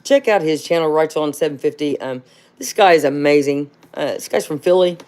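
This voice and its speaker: A woman's voice: low-pitched, fairly quick, darkish tone. A middle-aged woman, hosting a casual livestream, rambling and chatty, calling viewers honey and firing off rhetorical questions. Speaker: livestream host.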